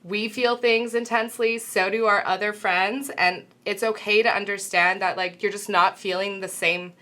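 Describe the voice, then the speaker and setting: A woman's voice: medium pitch, fairly even intonation, normal speed, bright, forceful tone. A woman co-hosting a casual panel talk show, earnest and thoughtful, with many filler words. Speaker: co-host.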